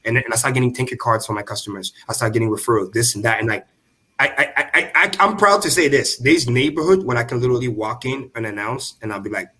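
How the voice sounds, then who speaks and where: A man in casual chat on a stream, telling his story in an excitable, profane way. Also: mid-range voice, quick pace, husky.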